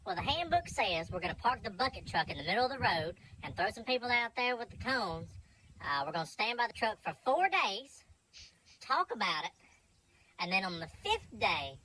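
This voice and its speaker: A woman voicing a crude, excitable male lineman who rambles and swears, heard in a noisy played-back clip. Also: medium pitch. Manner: rambling, profane, fast bursts.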